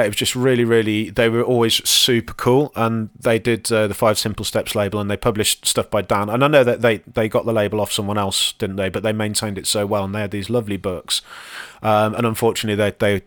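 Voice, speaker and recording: A man's voice: on the low side, flat delivery, brisk, hardly any pauses, fairly bright tone, no room sound, clean studio sound. A man co-hosting a podcast, chatting casually and rambling with plenty of ums and self-deprecating asides. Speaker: podcast co-host and conference speaker.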